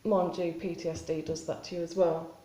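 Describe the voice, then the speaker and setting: A woman talking in a spontaneous confessional vlog, halting and rambling with many restarts and fillers. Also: fairly low pitch, flat delivery, dark tone, echoey room, low-quality recording. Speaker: vlogger.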